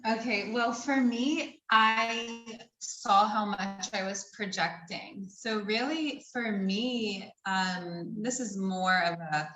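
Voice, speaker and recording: A woman's voice: medium pitch, slow, a bit bright. Thoughtful lady guest talking self growth, lots of ums, echoey room. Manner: thoughtful, searching, many ums. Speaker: podcast guest. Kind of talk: reflective self-growth talk.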